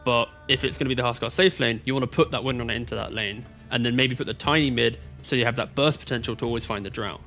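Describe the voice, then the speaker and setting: Brisk methodical male analyst. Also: mid-range voice, a bit bright, faint music behind. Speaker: esports analyst. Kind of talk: analyst desk discussion.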